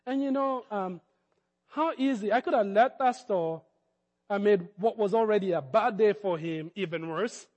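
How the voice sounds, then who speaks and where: Male pastor, middle-aged, high voice, sermon in a reverberant church hall, storytelling from hushed to loud. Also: moderate pace. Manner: storytelling, swings from quiet asides to loud preaching.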